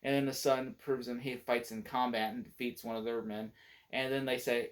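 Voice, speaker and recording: A man casually retelling a film's plot for a review, rambling with many filler words and restarts, excited about the scenes he loves. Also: mid-range voice, a little fast. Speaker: movie reviewer. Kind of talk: casual spoken movie review.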